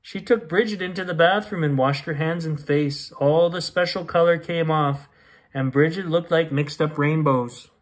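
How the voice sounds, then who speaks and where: A man hosting and reading a children's bedtime story aloud, gentle and expressive. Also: a little high, normal speed. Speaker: host reading bedtime stories.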